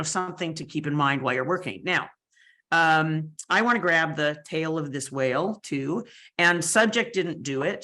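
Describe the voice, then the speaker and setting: A woman with a slightly low voice leads a screen-share tutorial on editing photos. She explains each step in a chatty, casual way, with fillers and quick asides as she works. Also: bright, forceful tone.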